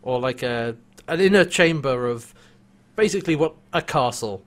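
A man's voice: medium pitch, animated, moderate pace. A man co-hosting a podcast, casually recapping a TV episode with frequent laughs. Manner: jokey, laughs often, retells scenes. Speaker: podcast co-host.

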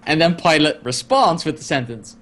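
A man co-hosting a casual chat, retelling a TV episode with expressive storytelling and animated quoting of characters. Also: a little high, moderate pace. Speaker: podcast co-host recapping a TV episode.

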